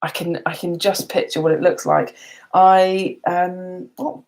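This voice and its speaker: A woman's voice: on the low side, level tone, unhurried, creaky, a little mellow. A tired woman chatting casually on a live stream, rambling and laughing often. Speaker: beauty vlogger.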